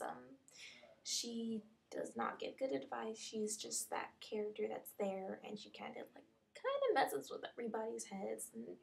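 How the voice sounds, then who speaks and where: Chatty young woman with a gravelly edge. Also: fairly high pitch. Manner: chatty, many ums, describes characters one after another. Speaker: fan series creator describing characters. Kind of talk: casual audition call talk.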